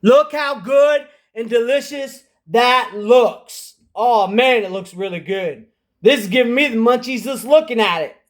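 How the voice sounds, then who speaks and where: Man, high voice, casual cooking vlog host, chatty, talks to viewers. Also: measured pace. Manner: chatty, addresses viewers directly.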